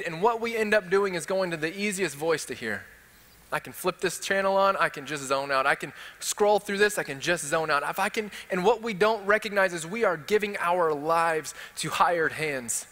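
A male pastor with a Texan accent preaches with passion, stacking one rhetorical question on another. His voice sits high and rings bright. The church hall around him carries a long reverb. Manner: impassioned, building rhetorical questions. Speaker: teaching pastor. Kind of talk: sermon. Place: church sanctuary.

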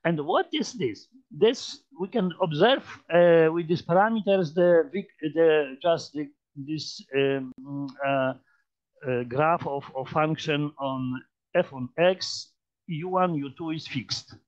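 A man with a Polish accent gives an informal mathematics lecture in a fairly high voice. He talks haltingly, with many fillers, restarts and repeated phrases. The recording sounds dull and lo-fi. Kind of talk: informal lecture demonstrating on a computer.

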